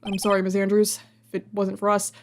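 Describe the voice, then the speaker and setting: A woman's voice: medium pitch, monotone, fairly quick, a little hiss or hum. A woman playing a video game and reading its dialogue aloud, with wry joking asides. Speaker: let's player.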